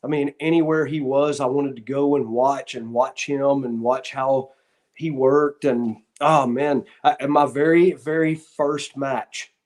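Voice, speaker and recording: A man's voice: medium pitch, unhurried. A man from the Florida Panhandle, a guest who tells casual stories about his start in wrestling and acts out what other people said. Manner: animated anecdotes, acting out what others said. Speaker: guest, former wrestler and referee. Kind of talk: casual storytelling.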